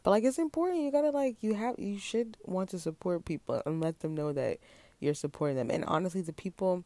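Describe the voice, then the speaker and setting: A man's voice: high voice, lively intonation, brisk, dark tone, dry recording. A man hosting his own podcast, talking casually and at length to his listeners, often restarting his sentences and addressing them as y'all. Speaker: podcast host. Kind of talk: casual solo podcast monologue.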